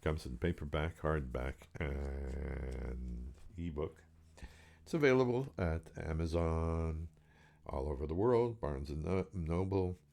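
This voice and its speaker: Deep voiced guy reading his own novel, dry wry tone. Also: a little mellow. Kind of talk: serialized book reading.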